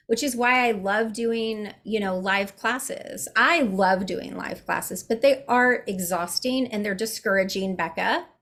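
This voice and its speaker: A woman's voice: a little high, a bit bright. A woman business coach talking candidly and bluntly in a casual group coaching call over a video call. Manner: candid, chatty, blunt with mild swearing.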